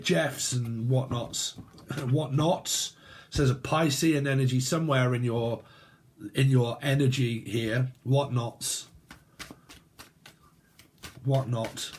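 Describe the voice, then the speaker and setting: A man's voice: medium pitch, steady tone, slow pace, long pauses. A man from Britain giving a rambling, free-associating tarot reading, joking crudely and laughing as he goes. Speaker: tarot reader. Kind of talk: casual spoken tarot reading.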